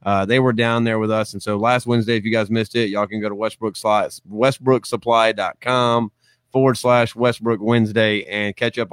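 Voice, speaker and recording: Male show host, casual and energetic, lots of fillers; smooth, clear tone, dry studio mic. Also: mid-range voice, dry recording. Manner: upbeat and chatty, with frequent ums and uhs. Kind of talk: casual livestream hosting. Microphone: studio mic with headphones.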